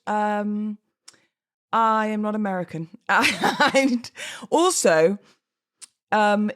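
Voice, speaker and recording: A woman from England in her thirties hosting a casual solo podcast, chatty and self-deprecating, laughing often and a little out of breath from pregnancy. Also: medium pitch. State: heavily pregnant, a bit out of breath. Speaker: podcast host.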